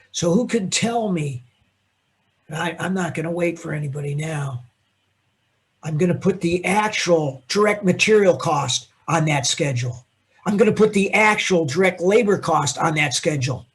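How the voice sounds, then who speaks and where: Husky-voiced male accounting lecturer. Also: on the high side. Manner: animated, teasing, quizzes students by name. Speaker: accounting instructor. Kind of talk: classroom lecture with questions to students. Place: classroom.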